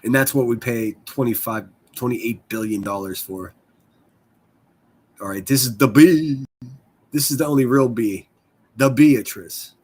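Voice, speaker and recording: A man chatting casually on his own livestream, loose and profane, often poking fun at himself. His voice has a slightly husky edge. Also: medium pitch, a little slow, pauses often, darkish tone. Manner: profane, rambling, self-deprecating. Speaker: livestream host.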